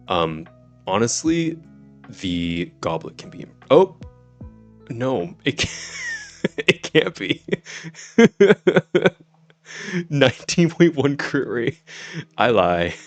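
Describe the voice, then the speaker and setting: A young man with a low, gravelly voice chats on a live stream, giddy and quick to laugh, swearing casually as he goes. Faint music plays softly behind him. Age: 20s.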